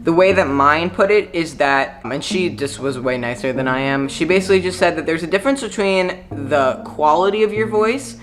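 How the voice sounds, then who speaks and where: A man's voice: fairly high pitch, expressive, normal speed, hardly any pauses, fairly bright tone. A man talking frankly in a casual vlog, chatty and full of filler words. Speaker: YouTuber. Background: background music.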